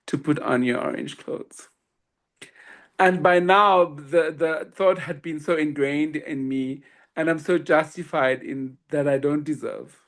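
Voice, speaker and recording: A man, a swami and podcast guest, telling a personal story in an animated way with frequent laughter and acted-out dialogue. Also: on the high side.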